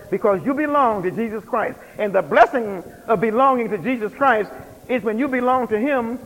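Guy preaching hard in a big echoey hall, repeats his lines, real high voice. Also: lo-fi sound. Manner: emphatic rhythmic preaching with repeated phrases. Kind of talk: sermon. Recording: long hall reverb.

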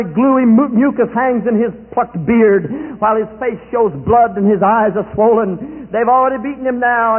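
A male preacher giving a vivid, theatrical storytelling sermon that swings from hushed tones to shouts, recorded on a tinny radio broadcast. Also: high-pitched, slightly rough, in a large hall.

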